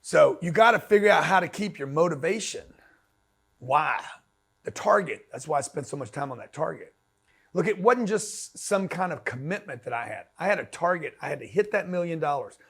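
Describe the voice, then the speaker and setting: A man's voice: fairly high pitch, animated, normal speed, gravelly, a bit bright, husky. A man giving a blunt, slangy motivational talk, punchy and direct, often acting out quoted voices. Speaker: motivational business speaker.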